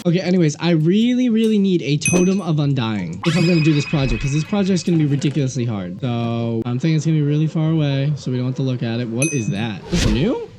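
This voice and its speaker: A young man giving casual gameplay commentary as a video creator, goofy and self-mocking, with sudden high-pitched outbursts. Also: animated, fast, few pauses, noisy background. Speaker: gaming YouTuber. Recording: music playing behind.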